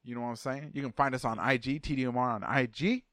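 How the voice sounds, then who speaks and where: A man's voice: medium pitch, steady tone, fast, a bit bright, dry recording, studio quality. Laid-back joking man co-hosting a podcast. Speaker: podcast co-host. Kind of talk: casual chat.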